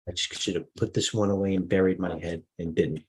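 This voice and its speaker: Rambling husky man talking markets. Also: low-pitched, steady tone, brisk, rough recording. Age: middle-aged. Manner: rambling, muttering asides, restarts. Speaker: stock market live-stream host. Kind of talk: off-the-cuff market commentary.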